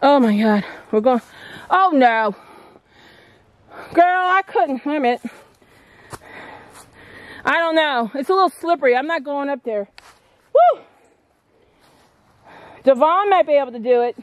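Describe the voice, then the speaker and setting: A woman vlogging outdoors at an old stone landmark, chatting excitedly to her viewers on a handheld phone camera. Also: sits high, moderate pace, long pauses, no echo. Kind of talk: casual vlog narration. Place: outdoors at a historic stone furnace.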